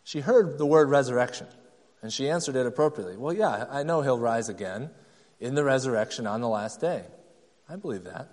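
A pastor with an expressive, mid-range, darkish voice preaches a brisk sermon that carries a long reverb tail. He's emphatic, repeats key phrases, and acts out the people he quotes.

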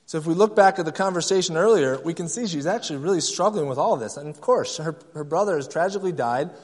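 A man's voice: a little high, lively intonation, fast talker, big-room sound. A man preaching a sermon, emphatic and repetitive, acting out the people he quotes. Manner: emphatic, acts out quoted voices, repeats key phrases. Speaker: pastor.

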